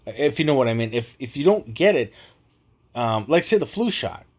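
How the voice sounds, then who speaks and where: A man's voice: mid-range voice, very animated, normal speed. Ranting man in a scornful monologue. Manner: conspiratorial, scornful, chuckles often. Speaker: vlogger.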